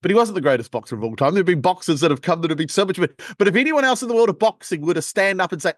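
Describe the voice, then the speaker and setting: A man's voice: high voice, fast talker, hardly any pauses, no room sound, clean studio sound. A man, a sales trainer, telling his story in a blunt, provocative way during a casual interview. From United Kingdom. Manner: blunt, provocative, lively delivery.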